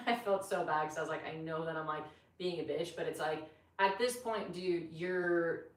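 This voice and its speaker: A woman's voice: on the low side, normal speed, recorded from a distance. A woman comedian telling a story in a casual podcast chat, chatty and full of fillers. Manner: chatty, animated retelling with lots of fillers. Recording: echoey room, voice from off mic.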